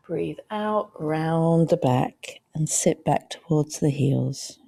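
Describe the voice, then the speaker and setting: A woman teacher guiding a yoga class, talking gently and soothingly and counting breaths aloud. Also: sits low, expressive, slow, gravelly, few pauses. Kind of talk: guided yoga class instruction.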